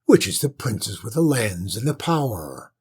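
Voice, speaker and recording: A man voicing a blustering, power-hungry lord in a storybook reading, with a gruff, commanding manner. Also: on the low side, sing-song, moderate pace.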